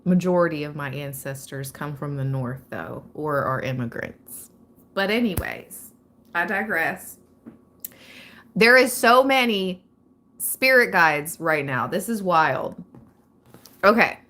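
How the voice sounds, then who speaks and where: A young woman hosting a live tarot reading, chatting casually and excitedly with frequent laughter. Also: deep voice, slow, pauses often.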